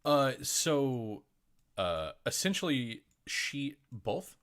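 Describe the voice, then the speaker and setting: A man's voice: mid-range voice, very animated, drawn-out words, fairly bright tone, clear, resonant tone. A man running a tabletop game as game master, chatty and rambling, laughing often.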